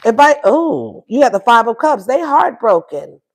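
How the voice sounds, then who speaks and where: Sassy high-voiced woman reading tarot. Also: sing-song, moderate pace. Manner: sassy, acts out voices of both lovers. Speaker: tarot reader.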